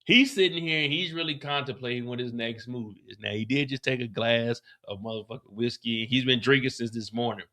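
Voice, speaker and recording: Guy on a livestream going over an episode, slangy and swearing a lot, bright tense voice. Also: medium pitch, a little fast, hardly any pauses. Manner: animated, profane, slangy. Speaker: livestream host. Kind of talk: casual TV episode recap.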